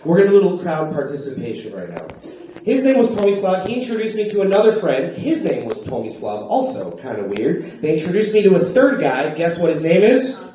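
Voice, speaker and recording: American guy doing stand-up, kinda high voice, roomy club sound from back of the room, yells his punchlines. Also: wildly swooping pitch, fairly quick, a little hiss or hum. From United States. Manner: storytelling with frequent "right?" tags, loud shouted punchlines. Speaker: stand-up comedian. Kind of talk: live stand-up set. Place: comedy club stage. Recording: echoey club from far off. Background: audience laughter.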